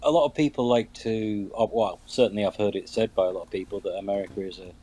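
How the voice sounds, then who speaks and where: A British man chatting casually, making measured, thoughtful remarks. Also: lowish voice, fairly even intonation, mellow. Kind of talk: casual chat.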